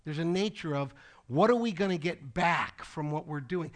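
Conversational preacher man, fairly high voice. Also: lively intonation, moderate pace. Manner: storytelling preacher, conversational asides like "okay?" and "folks". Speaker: pastor. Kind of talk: sermon.

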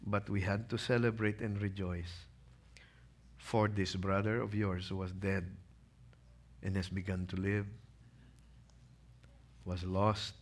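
A man voicing a tender, loving father who speaks softly and quietly. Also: low voice, level tone, slow pace, long pauses, voice pushed down, full character voice. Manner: soft, tender, hushed. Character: gentle loving old father.

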